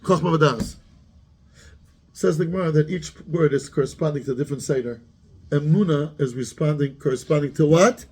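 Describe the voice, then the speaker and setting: A man's voice: a little high, brisk, darkish tone, a little hiss or hum. A man, a rabbi giving a Torah class who keeps asking his students questions and mixes Hebrew terms into his English.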